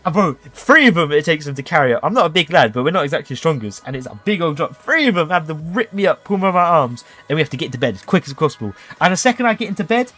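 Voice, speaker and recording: Streamer guy rambling through a story, kinda high voice, lots of "okay?", music low underneath. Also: quick pace, few pauses. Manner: animated, cheeky, keeps adding "okay?". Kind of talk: casual storytelling on a livestream.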